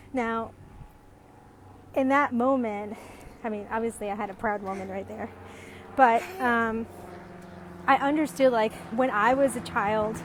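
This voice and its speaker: A woman with a fairly high voice speaks casually to camera about parenting. She rambles, trailing off into ums and restarting her sentences, but stays earnest and gets more emphatic as she goes. A faint hum of noise sits under her voice. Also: steady tone, normal speed. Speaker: parent vlogger. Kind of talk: casual reflective monologue to camera.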